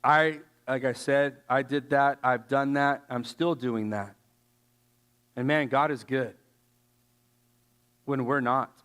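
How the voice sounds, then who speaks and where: A man giving a casual sermon, telling stories in an animated, slangy way with lots of fillers. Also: medium pitch, slow pace, long pauses, clear, resonant tone. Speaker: youth speaker.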